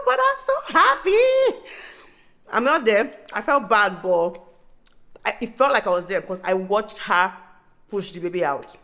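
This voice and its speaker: Excited Nigerian woman vlogger, lively pitch. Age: 30s. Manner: bubbly, laughing, breaks into squeals. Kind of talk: excited casual vlog chat.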